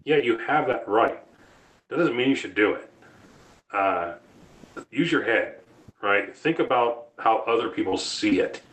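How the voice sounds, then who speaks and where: A man's voice: lowish voice, animated, a little slow, long pauses, a bit bright, rough recording. A man in his thirties, a reptile keeper and show guest, giving long, rambling and blunt explanations in a casual interview.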